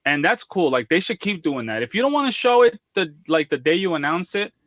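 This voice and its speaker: A man co-hosting a live toy collecting podcast, talking in an excitable, rambling way with frequent laughs and dry sarcasm. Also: sits high, a little fast, no room sound. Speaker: co-host of a toy collecting show. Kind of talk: casual live podcast chat.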